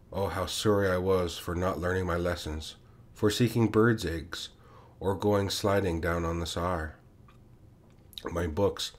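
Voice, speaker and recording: A man reading a classic short story aloud in the first person, unhurried and expressive. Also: sits low.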